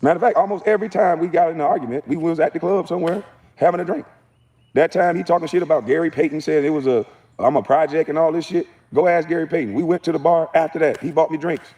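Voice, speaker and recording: Blunt man telling his side, mellow voice. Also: on the high side, quick pace. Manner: blunt, dismissive, matter-of-fact. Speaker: former athlete in a played clip. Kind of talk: defiant storytelling.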